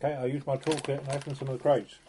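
A man's voice: mid-range voice, little pitch movement, rapid-fire, background noise. A man playing a tabletop game, talking through his moves in a casual, playful way. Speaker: player.

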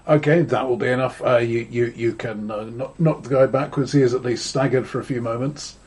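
A man's voice: mid-range voice, fairly even intonation, fairly quick, a little mellow, breathy edge. A man narrating as game master, describing the scene in a hesitant way and repeating his words as he goes.

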